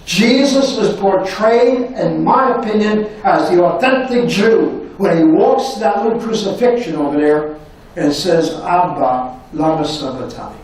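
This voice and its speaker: A man's voice: high-pitched, unhurried, a little mellow, recorded from a distance, slight background noise. A man, a professor, giving a dramatic public lecture full of rhetorical questions, his voice sinking to near-whispers at emotional points. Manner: dramatic, impassioned delivery with many rhetorical questions. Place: university lecture hall. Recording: echoey hall recorded from afar.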